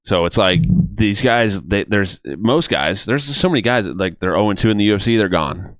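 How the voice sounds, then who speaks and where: Very deep-voiced stammering podcast man. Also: lively intonation, moderate pace, crowd noise. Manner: stammering restarts, reasons things through. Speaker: podcast co-host. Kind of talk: casual chat.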